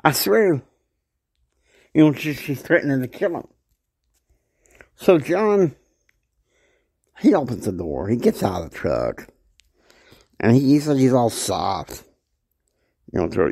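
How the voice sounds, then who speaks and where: Man retelling a story casually, rambling and slow, mellow tone. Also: mid-range voice, sing-song, gravelly, husky. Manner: rambling, many fillers and restarts.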